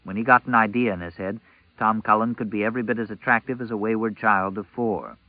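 A man narrating a novel as an audiobook, in a measured, even storytelling manner. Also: on the low side, dry recording, narrow, tinny audio.

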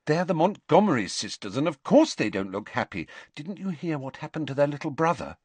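Man reading as bright brisk schoolgirl, high lively voice, pitched well up, dry close sound. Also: breathy edge, no echo. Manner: brisk, earnest. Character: brisk clever teenage schoolgirl.

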